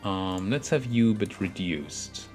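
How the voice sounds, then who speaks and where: A man's voice: sits low, expressive, a little slow, darkish tone, soft background music. A young man casually commentating his own strategy game, thinking aloud and muttering at the units on screen. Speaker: gameplay commentator.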